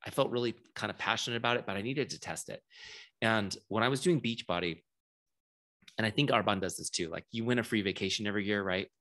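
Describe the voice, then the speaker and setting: A man with a fairly low voice teaches a group in a relaxed, conversational way. He keeps checking in with his listeners and tosses them questions as he goes. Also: quick pace. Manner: casual, chatty, asks audience questions. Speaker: software founder and trainer. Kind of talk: live training talk to a group.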